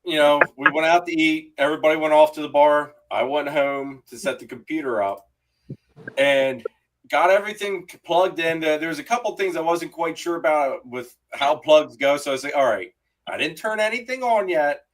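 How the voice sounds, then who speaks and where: A man's voice: a little high, moderate pace, slight background noise, poor audio. A man co-hosting a casual podcast, telling a story and acting out both sides of the conversation. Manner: animated storyteller who acts out dialogue. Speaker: podcast co-host. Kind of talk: casual chat.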